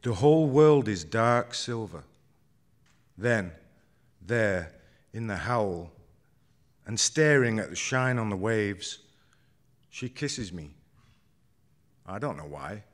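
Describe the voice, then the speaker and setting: Slow, understated male storyteller. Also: fairly low pitch, expressive. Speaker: author reading his story. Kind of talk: live reading of first-person fiction. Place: theater stage at a live event.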